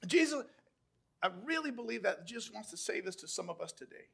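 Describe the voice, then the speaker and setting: A man delivers a sermon in a strikingly high-pitched voice. His tone is bright and forceful. He moves between quiet, intimate lines and loud, shouted exhortations. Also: big pitch swings, fairly quick, vocal fry, slightly rough. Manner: dynamic preaching, swinging from hushed to shouted. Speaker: pastor.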